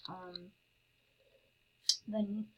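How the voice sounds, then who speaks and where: A woman chatting casually beside a gamer, making quick, helpful remarks, picked up off-mic on dull lo-fi audio. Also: mid-range voice, level tone, very noisy. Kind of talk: casual chat during gameplay.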